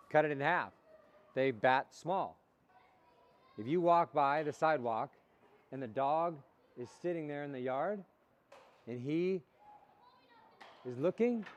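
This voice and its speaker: A man coaching young baseball players in a motivational talk, asking questions and repeating the answers back. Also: mid-range voice. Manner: call-and-response, asks questions and repeats answers. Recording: dull lo-fi recording.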